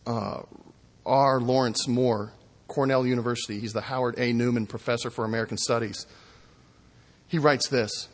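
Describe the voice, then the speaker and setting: A man preaching a sermon with an emphatic, mocking delivery that swings between loud exclamations and hushed asides. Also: mid-range voice, fairly even intonation, moderate pace, in a large hall. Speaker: pastor.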